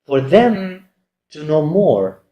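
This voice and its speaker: A man's voice: on the high side, big pitch swings, slow pace, highs cut off. A man giving a recorded lecture, hesitant and full of fillers and restarts. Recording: roomy echo.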